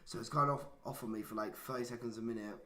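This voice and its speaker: A young male podcast co-host talks fast in a medium-pitched, steady voice that sounds pushed and bright. He tells a casual story full of swearing and heavy use of "like," in an echoey room.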